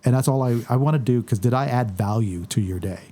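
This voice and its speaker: Speaking fast in a mid-range voice, a man appearing as a photographer guest on a relaxed podcast spins anecdotes, lively in imitating other people's words.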